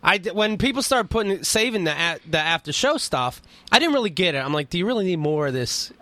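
A man's voice: sits high, big pitch swings, brisk, bright, forceful tone. A man hosting a podcast in casual chat, joking crudely and talking animatedly. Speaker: podcast host.

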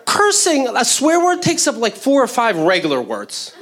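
A man's voice: very high-pitched, wildly swooping pitch, normal speed, a bit bright. A man doing stand-up comedy, telling stories with laughter and acted-out quotes.

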